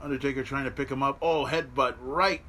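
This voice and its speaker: A man hosting a podcast, giving excited watch-along commentary on a replay, swearing freely and yelling at the big moments. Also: medium pitch, brisk. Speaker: podcast host. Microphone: podcast mic.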